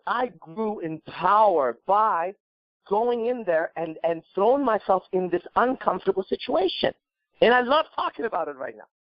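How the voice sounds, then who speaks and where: A man co-hosting a call-in podcast, telling a profane, animated story and giving dating advice. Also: high voice, no room sound, muffled recording.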